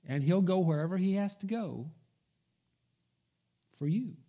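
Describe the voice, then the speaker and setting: A man delivers a sermon with a fairly high, mellow voice. His pitch swings widely as he tells the story and voices the figures in it. He takes his time and lets his voice sink nearly to a whisper to make a point. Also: lively intonation, unhurried. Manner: storytelling, acting out quoted voices, drops to a whisper for emphasis. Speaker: pastor. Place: church.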